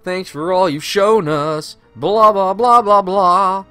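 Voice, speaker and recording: A man putting on a slow, squeaky, sarcastic parody of a male game herbalist. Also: fairly even intonation, pushed and bright, smooth, no echo, faint music behind, heavily acted. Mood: mocking.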